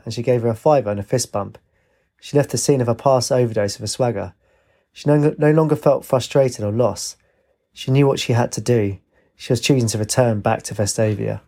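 A man narrating a story aloud at a steady, even pace. His tone is mellow and warm, without sharp edges. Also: mid-range voice, brisk. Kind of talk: storytelling reading.

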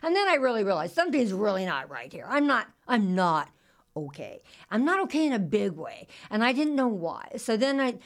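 An older woman telling a personal story in a halting, confessional way, with many restarts and repeats. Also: medium pitch, very animated.

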